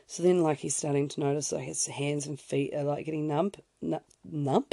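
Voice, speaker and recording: A woman's voice: low voice, fairly even intonation, normal speed, vocal fry, warm tone, slightly rough, dry recording, clean studio sound. A young woman telling a story in a casual podcast, chatty and full of fillers and sidetracking asides. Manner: chatty, lots of fillers, self-interrupting asides. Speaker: podcast host.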